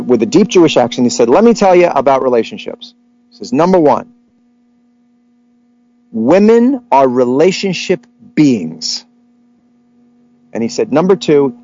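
A man hosting a casual conversation about relationships, telling stories with lively voices for the people he quotes. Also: mid-range voice, dull audio. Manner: animated storyteller, acts out quotes.

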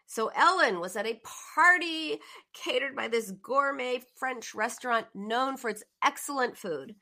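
A woman's voice: on the high side, expressive, unhurried, sharp tone. A woman giving an earnest, emphatic motivational talk as a coach, acting out the words people say to themselves. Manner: earnest, emphatic, acts out quoted self-talk.

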